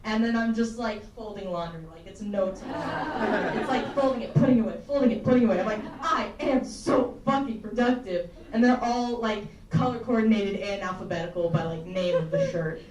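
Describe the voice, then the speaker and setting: A young woman from Tennessee performs a rambling, self-deprecating stand-up set in a small campus comedy room, swearing often for the live crowd. Her mid-range voice is brisk and darkish, with few pauses. The mic sits at a distance, giving a roomy sound with faint ambience and slight background noise.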